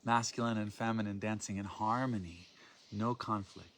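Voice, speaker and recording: A man guiding a group through prayer and vocal practice, speaking in a soft, loving, grounded tone and drawing his phrases out invitingly. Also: on the low side, steady tone, normal speed, slight background noise. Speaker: spiritual workshop facilitator.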